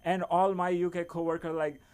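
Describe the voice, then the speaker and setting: A man who is not a native English speaker doing an open mic stand-up set in a small comedy club, halting, with many fillers and restarts. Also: high voice, level tone, background noise.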